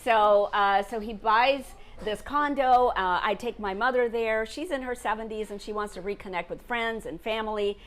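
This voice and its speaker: A woman from India, an author, telling her personal story to an audience at an indoor event in a measured, relaxed way. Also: fairly high pitch. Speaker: author speaking at a salon event. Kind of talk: casual storytelling talk.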